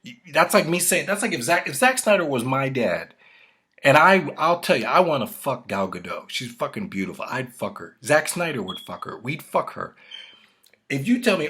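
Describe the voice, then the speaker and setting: A man's voice: mid-range voice, very animated, moderate pace, pushed and bright. A man ranting agitatedly and profanely, jumping from thought to thought. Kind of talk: rambling conspiracy rant.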